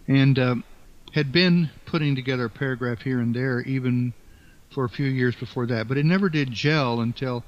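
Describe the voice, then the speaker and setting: Older guy, author interview, thinks out loud, lots of ums, kinda muffled lo-fi sound. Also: medium pitch. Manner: halting, thoughtful, many fillers and restarts. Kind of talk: reflective interview talk. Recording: dull lo-fi sound.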